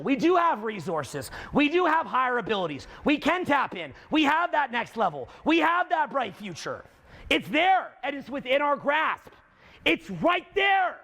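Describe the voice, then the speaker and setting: A man's voice: very high voice, creaky, fairly bright tone. A man giving an inspirational speech to a live audience, preachy and repetitive, leading call-and-response chants. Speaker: motivational speaker.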